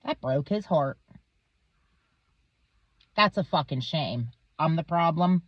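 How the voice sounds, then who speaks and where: Thirties woman vlogger, slow-paced and animated, constantly cursing, dry dull sound. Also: sits low, no room sound. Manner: heated, swears constantly. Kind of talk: profane ranting monologue.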